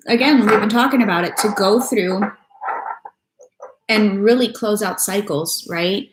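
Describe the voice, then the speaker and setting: A woman giving a loose, chatty live-stream tarot reading, swearing casually and greeting viewers by name. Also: medium pitch. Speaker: tarot reader. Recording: echoey room with faint noise.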